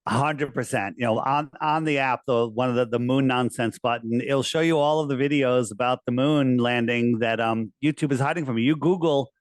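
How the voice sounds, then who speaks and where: Man, mid pitch, insistent and animated, dry close sound. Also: moderate pace, hardly any pauses, no room sound. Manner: animated, insistent, uses mocking put-on quotes. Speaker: guest. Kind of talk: casual conversation.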